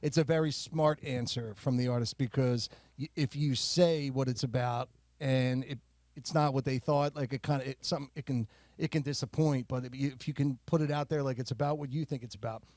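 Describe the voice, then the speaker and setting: A man co-hosting a casual podcast, chatty and jokey, sharing trivia in a relaxed way. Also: medium pitch, brisk, dry recording. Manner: chatty, jokey, shares trivia, frequent fillers. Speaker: podcast co-host. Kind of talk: casual chat.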